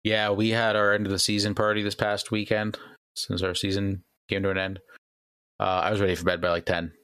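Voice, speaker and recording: A man's voice: fairly low pitch, completely flat delivery, a little fast, fairly bright tone, clean tone, no echo, studio quality. Laid-back man co-hosting a podcast. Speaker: podcast co-host. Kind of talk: casual chat.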